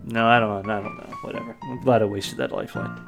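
A man's voice: lowish voice, lively intonation, quick pace, gravelly, music in the background. A man playing along in a casual podcast quiz who sounds confused, mocks himself and swears now and then. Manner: confused, self-mocking, swears. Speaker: quiz contestant and co-host. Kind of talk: casual chat.

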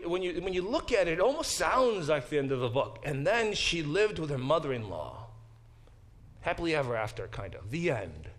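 A man's voice: fairly high pitch, a bit bright. A man teaching a church Bible class in a conversational lecture style, often asking the class questions. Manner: conversational, asks the class questions, many restarts.

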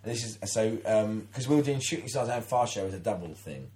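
Man in his thirties, lowish voice, animated storyteller, casual podcast chat. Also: fairly quick. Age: 30s. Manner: animated storyteller, many restarts, acts out quotes. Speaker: podcast co-host.

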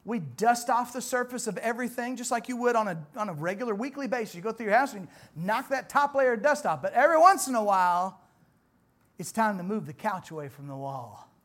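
A man, preaching a sermon in church in a folksy, conversational way that swells louder on emphatic points. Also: sits high, expressive, fairly quick. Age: 40s. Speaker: pastor.

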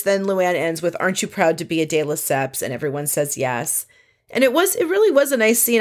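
A woman casually recapping a reality show episode, chatty and full of opinionated asides. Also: fairly low pitch.

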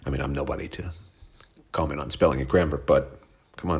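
A man's voice: rumbling low, animated, fast. A man from Oklahoma hosting a music show, talking in a rambling, wry, self-correcting way as he introduces songs. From Oklahoma, USA. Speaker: radio show host. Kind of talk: casual monologue introducing songs.

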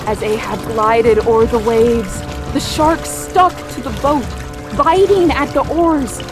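A woman narrating a theatrical audio drama, telling it dramatically and slowing down for suspense. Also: fairly high pitch, rough recording. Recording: music bed under the voice.

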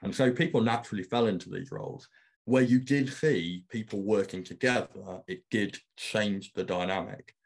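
A man's voice: on the low side, normal speed, vocal fry, a little mellow, breathy edge. A man co-hosting a podcast, speaking in a reflective, casual way and sometimes stumbling over how he starts a sentence. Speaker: podcast co-host.

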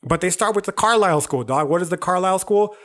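A man's voice: sits high, fast, fairly bright tone. A young man from the United States hosting a podcast, delivering a heated, profane monologue and calling the listener "dog". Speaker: podcast host.

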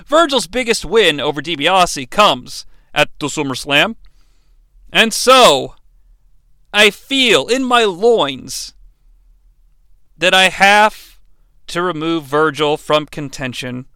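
A man hosting a comedic podcast, talking in an animated, jokey, mock-dramatic way. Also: on the high side, slow, pauses often, smooth, no echo, clean studio sound. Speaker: podcast host. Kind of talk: comedic wrestling podcast monologue.

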